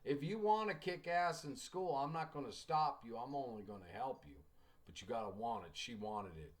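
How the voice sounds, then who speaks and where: A man's voice: medium pitch, lively intonation, normal speed. Folksy middle-aged male writing teacher. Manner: folksy storyteller, acts out quoted dialogue, joking asides. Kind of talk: classroom lecture with anecdotes.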